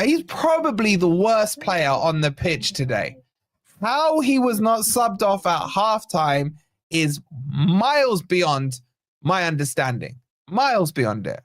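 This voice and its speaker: Exasperated man, high voice. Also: dry recording, studio quality. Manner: exasperated, sarcastic, rambling. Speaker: fan channel host. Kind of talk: post-match reaction livestream.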